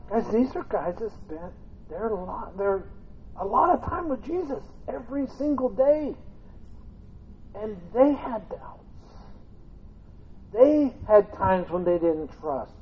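High-voiced male preacher on a tinny line. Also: sing-song, unhurried, pauses often, husky. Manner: humorous storytelling, acting out voices from the reading. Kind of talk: conversational sermon. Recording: tinny phone-like sound.

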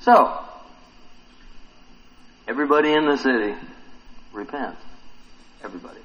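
A man's voice: medium pitch, unhurried, dull audio. A man preaching a sermon to a congregation, asking them questions and acting out the quotes he reads. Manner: animated, asks the congregation questions, acts out quotes.

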